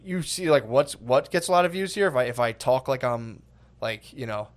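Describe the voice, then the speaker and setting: A young man co-hosting a comedy podcast, rambling through a story in casual chat and mocking voices with slow, grand delivery. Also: mid-range voice, animated. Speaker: podcast co-host.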